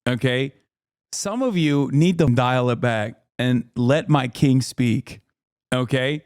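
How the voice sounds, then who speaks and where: Excitable male streamer, dry close mic. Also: medium pitch, dry recording. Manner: excitable, laughing, gleeful, rapid bursts of exclamation. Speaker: streamer reacting to a debate video. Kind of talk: casual reaction commentary.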